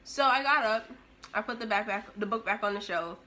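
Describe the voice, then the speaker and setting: Bright-voiced young woman telling a story. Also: mid-range voice, a little fast, a little hiss or hum. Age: young adult. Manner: animated, expressive, with big jumps in loudness. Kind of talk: casual storytelling to camera.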